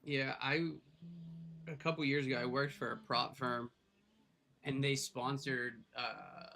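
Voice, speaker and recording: A man's voice: medium pitch, steady tone, a little slow, gravelly, sharp tone. A man co-hosting a live trading stream, chatting casually in an easygoing, rambling way. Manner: easygoing, rambling, laughs often.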